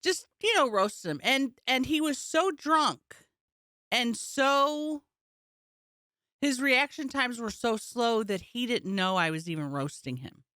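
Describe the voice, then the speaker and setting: A woman's voice: fairly high pitch, slow, no echo, studio quality. A woman comedian co-hosting a casual podcast, telling a story with energy and acting out the people in it. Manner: animated storytelling, acts out the people she talks about.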